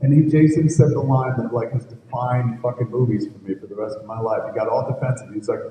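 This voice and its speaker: A man's voice: mid-range voice, steady tone, quick pace, dark tone, slight background noise. Profane man rambling in echoey hall. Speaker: filmmaker guest at a fan convention panel. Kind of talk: live convention Q&A storytelling. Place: large convention hall with live audience. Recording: echoey hall recorded from far off.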